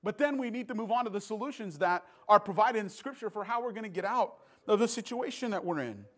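Male preacher, earnest and halting, voice a bit high. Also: animated, a bit bright. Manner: earnest, halting, repeats words. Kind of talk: sermon.

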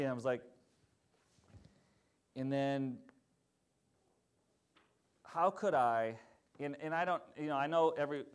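A male pastor preaching a sermon in a conversational storytelling manner, asking the congregation questions along the way. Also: mid-range voice.

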